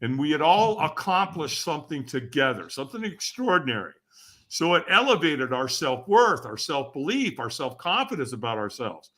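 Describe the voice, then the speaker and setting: A man sits in as a podcast guest and recounts a personal story with animated energy. His voice is bright and forceful and sits a little high for a man. It swoops up and down as he acts out the voices of the people in his story. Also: normal speed. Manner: animated, acts out quoted voices with sudden shouts; asks the listener rhetorical questions.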